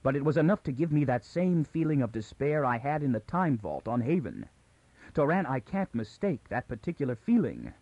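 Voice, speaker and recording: A man's voice: medium pitch, big pitch swings, normal speed, mellow, no room sound, lo-fi sound. A man voicing an intense, frightened young woman in an audiobook, speaking in an urgent, rising way close to hysteria. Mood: urgent, tense. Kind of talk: audiobook character reading.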